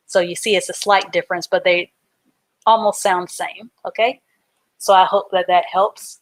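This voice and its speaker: A woman's voice: lowish voice, fairly even intonation, normal speed. A woman teaching a live online reading class, patiently spelling words out letter by letter and explaining them simply.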